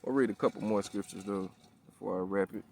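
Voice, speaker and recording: A man's voice: lowish voice, fairly even intonation, fast, gravelly, a little mellow, a little hiss or hum. A man in his thirties giving a loose, casual sermon in a slangy, profane way, constantly asking "all right?" and "you know what I'm saying?". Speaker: preacher. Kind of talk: casual street-style sermon.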